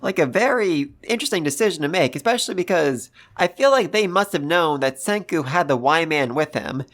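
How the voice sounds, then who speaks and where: A host giving a casual, gushing review of a manga chapter, talking excitedly and repeating phrases for emphasis. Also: mid-range voice, brisk. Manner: gushing, excitable, gasps and laughs. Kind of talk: casual commentary.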